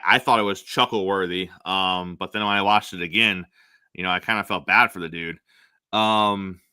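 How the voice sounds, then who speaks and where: A man's voice: medium pitch, pushed and bright, no room sound. A man co-hosting a sports podcast, chatting casually with many fillers and frequent laughs.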